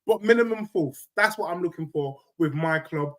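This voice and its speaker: Animated, high-voiced football streamer. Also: male voice, moderate pace. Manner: animated, slangy banter with viewers. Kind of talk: live stream chat reacting to a match.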